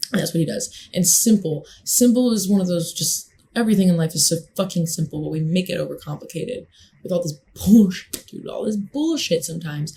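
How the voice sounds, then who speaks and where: A woman's voice: fairly low pitch, gravelly, mellow. A young woman in a casual monologue, talking passionately and emphatically, with lots of swearing.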